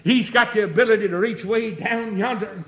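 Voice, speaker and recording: A man preaching a sermon, building rhythmically into shouts with many amens and a habitual "uh" before phrases. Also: sits high, moderate pace.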